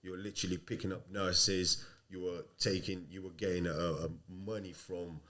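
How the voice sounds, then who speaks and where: Low-voiced guy in his 30s, blunt streetwise chat, swears a lot. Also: fairly even intonation, moderate pace, pushed and bright. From Sicily. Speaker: podcast guest. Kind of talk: casual storytelling.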